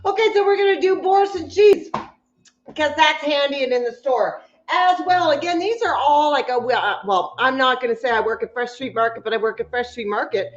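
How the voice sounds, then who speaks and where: A woman's voice: high voice, moderate pace. A woman hosting a live kitchen stream, chatting casually in a bubbly way and breaking into laughter. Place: home kitchen. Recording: echoey kitchen, dull lo-fi sound.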